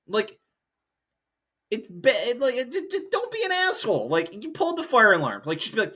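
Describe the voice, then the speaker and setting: Profane, bright-voiced man ranting as host. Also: sits high, wildly swooping pitch, a little fast. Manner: heated, profane, rambling. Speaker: podcast host. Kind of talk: solo podcast rant.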